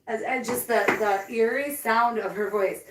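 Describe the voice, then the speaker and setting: A woman hosting a live paranormal investigation stream, chatting eagerly and often repeating words in her excitement. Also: fairly high pitch, moderate pace, background noise. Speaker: paranormal investigator livestream host. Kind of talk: casual live-stream chat. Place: indoors, basement with a pool table. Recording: roomy, distant from the mic.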